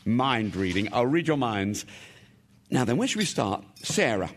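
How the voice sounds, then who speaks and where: A man's voice: medium pitch, big pitch swings, measured pace. An actor playing a cheeky, hungover man who teases his sulky family and chuckles at his own jokes. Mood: mock-grand. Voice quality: boisterous, teasing, chuckling often. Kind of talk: stage comedy acting.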